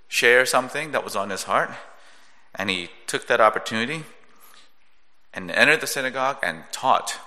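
Slow-speaking preacher man in a reverberant hall. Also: on the low side, pushed and bright. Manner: measured teaching tone with frequent rhetorical "right?". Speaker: pastor. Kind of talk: sermon. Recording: long reverb of a large hall.

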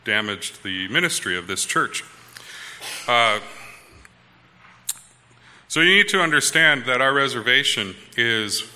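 Bright-voiced pastor telling a story. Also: male voice, mid-range voice, lively intonation, measured pace, pauses often, in a large hall, slight background noise. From Wisconsin, USA. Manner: conversational, checks in with listeners. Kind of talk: storytelling sermon.

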